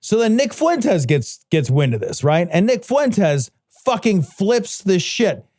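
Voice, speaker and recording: High-voiced, heated male podcast co-host. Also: very animated, darkish tone, dry recording. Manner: profane, heated, quick to laugh. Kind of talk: casual political chat.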